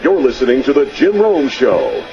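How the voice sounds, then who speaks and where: A man reading a recorded radio station ID in a lively announcer's delivery. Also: medium pitch, moderate pace, gravelly. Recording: dull radio audio with music bed.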